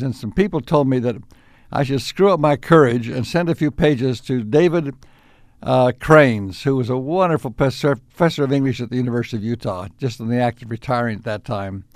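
An older man being interviewed, recalling his life in unhurried stories with frequent restarts and small chuckles. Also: mid-range voice, dry recording, clean studio sound. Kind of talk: reflective storytelling.

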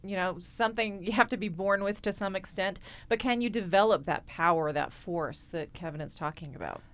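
A woman hosting a live radio talk show, asking guests questions in a brisk, conversational way. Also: mid-range voice.

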